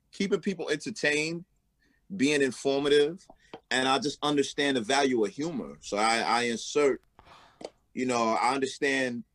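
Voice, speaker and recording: A man who is a rapper, talking earnestly in a casual interview, with many halting restarts and some swearing. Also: mid-range voice, fairly bright tone. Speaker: rapper and guest.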